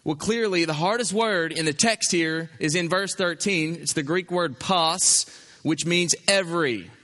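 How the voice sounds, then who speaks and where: Male pastor, sermon delivery, high bright voice, reverberant hall. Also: a little slow. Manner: animated, acts out an imagined objector.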